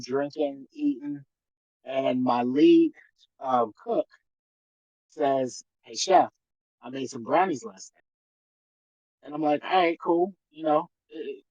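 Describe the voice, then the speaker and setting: A man's voice: medium pitch, no echo, dull audio. A man co-hosting a podcast, telling a long story in a casual, profane way and acting out what people said. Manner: animated, profane storytelling with acted-out quotes. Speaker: podcast co-host.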